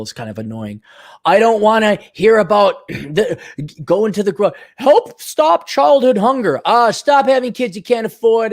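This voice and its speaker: A man from the Milwaukee area ranting in a casual vlog, blunt and sarcastic, with quick asides. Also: on the high side. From Milwaukee area, USA. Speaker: vlogger.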